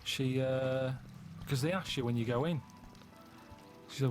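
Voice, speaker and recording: A man, a radio show regular telling rambling stories in deadpan casual banter. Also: mid-range voice, measured pace, faint music behind.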